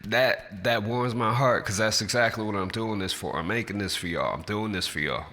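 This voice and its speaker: Forceful deep-voiced rapper ranting. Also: male voice, normal speed, big-room sound. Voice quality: naturally deep everyday voice. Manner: passionate, blunt and profane. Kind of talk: direct-to-camera rant.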